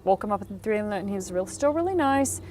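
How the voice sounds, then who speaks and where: A woman teaching career advice in casual talk, telling stories with animated delivery and acting out the people she quotes. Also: medium pitch, rapid-fire, a little hiss or hum. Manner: animated storytelling, acts out quotes.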